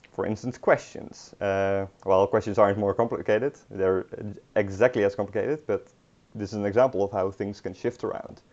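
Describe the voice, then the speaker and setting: Young male language teacher, low voice, halting delivery with dry wit, muffled lo-fi audio. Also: darkish tone. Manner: hesitant, many ums and restarts, dry humor. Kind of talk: online beginner language lesson. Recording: dull lo-fi recording.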